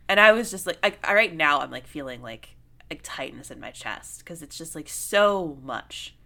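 Bright-voiced, low-pitched young woman chatting. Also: moderate pace, vocal fry. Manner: animated, heavy on "like" fillers, swears freely. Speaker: podcast co-host. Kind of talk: casual film discussion.

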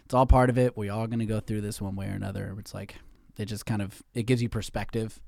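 Fast-talking, animated male podcast host. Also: lowish voice, creaky, no echo. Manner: animated, swears freely, laughs often. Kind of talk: casual podcast chat.

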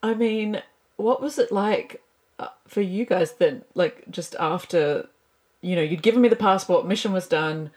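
Relaxed woman with a lowish voice. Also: a little slow. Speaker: conversation partner. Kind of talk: casual chat.

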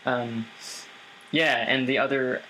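A man's voice: mid-range voice, steady tone, slow pace, sharp tone, a little hiss or hum, rough recording. A man appearing as a guest musician in a casual interview over a remote line, speaking earnestly and hesitantly with many fillers.

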